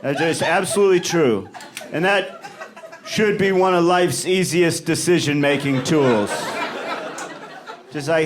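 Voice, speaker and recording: A male stand-up comedian performing a live set, animated and jumping into high shouted voices for the people in his stories. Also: measured pace. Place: comedy club stage before a live audience. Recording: live club recording with loud crowd laughter. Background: audience laughter.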